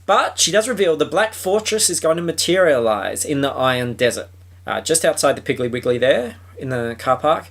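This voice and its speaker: A man's voice: a little high, lively intonation, fairly quick, vocal fry, fairly bright tone. Man, podcast host, casual chat, sarcastic recap, mocking asides. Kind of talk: casual book-review chat.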